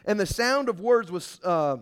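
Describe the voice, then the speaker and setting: A man preaching a sermon in a casual, folksy way, emphatic and animated, swinging between loud outbursts and quiet asides. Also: high voice, a little slow, clear, resonant tone. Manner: casual folksy phrasing with many restarts.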